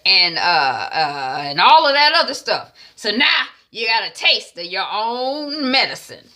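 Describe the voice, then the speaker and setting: A woman's voice: mid-range voice, big pitch swings, measured pace, bright, forceful tone. A woman vlogger casually recapping a web series episode, chatty and storytelling with frequent fillers.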